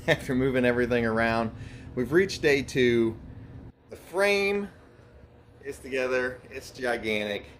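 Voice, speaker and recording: A man's voice: medium pitch, a little hiss or hum. A man hosting a grow-tent vlog in an indoor grow room, talking loosely, swearing freely and laughing often. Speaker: grow channel host. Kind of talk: casual vlog narration.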